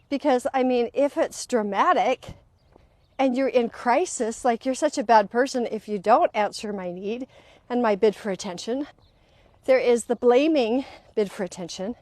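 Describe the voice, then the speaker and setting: Animated woman telling coaching stories. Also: fairly high pitch, no room sound. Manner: animated storytelling, acting out quoted voices. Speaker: host and coach. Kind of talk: walk and talk coaching monologue.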